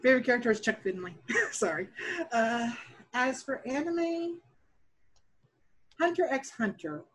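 A woman's voice: high voice, expressive, unhurried, long pauses, rough recording. A woman guest on a podcast, a dungeon master, chatting candidly and laughing at herself. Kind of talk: casual interview chat.

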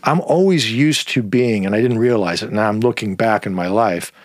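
A man telling a long story in a casual, animated way, swearing often and breaking off into asides. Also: lowish voice, normal speed, no echo, clean studio sound. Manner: animated, profane, digressive.

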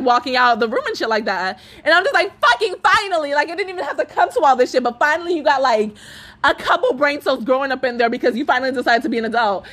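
A woman's voice: high voice, a bit bright. A young woman hosting a podcast, telling a profane storytime rant and laughing through it. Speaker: podcast host. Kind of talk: ranting storytime monologue.

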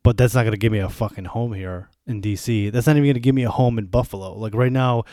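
Mellow-voiced man ranting, swearing. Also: lowish voice, fast talker, no room sound, studio quality. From United States. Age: 30s. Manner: profane, ranting. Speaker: podcast host. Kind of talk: casual monologue.

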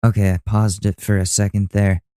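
A man's voice: fairly low pitch, little pitch movement, brisk, mellow, smooth, no room sound, studio quality. A young man hosting a podcast, ranting casually and with exasperation, swearing freely. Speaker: podcast host. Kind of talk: casual rant to camera.

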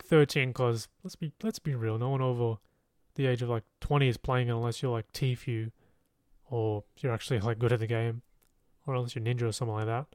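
A young man hosts his podcast in a rambling, casual monologue, swearing freely as he goes. His voice sits a little high for a man. The recording is dry and close, with no room sound. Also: darkish tone, dry recording. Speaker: podcast host.

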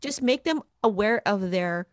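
A woman's voice: medium pitch, lively intonation, measured pace, no echo. A woman co-hosting a podcast who speaks bluntly and swears freely in casual chat. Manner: blunt, profane, outspoken. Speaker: podcast co-host.

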